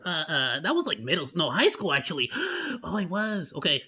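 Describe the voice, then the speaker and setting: A man hosting a casual reaction stream, loud and rambling with many restarts. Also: a little high, lively intonation, brisk, slightly rough. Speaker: vtuber host.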